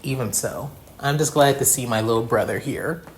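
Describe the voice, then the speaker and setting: A man's voice: medium pitch, normal speed, slight background noise, lightly acted. A man putting on an eager young woman pilot. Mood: soft.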